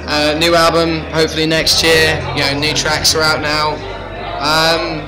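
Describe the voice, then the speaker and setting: A man's voice: fairly high pitch, completely flat delivery, a little slow, roomy sound, loud music behind the voice, poor audio. A young man, a band frontman chatting casually in an interview, swearing freely and restarting his sentences. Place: outdoor music festival. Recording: loud festival crowd behind.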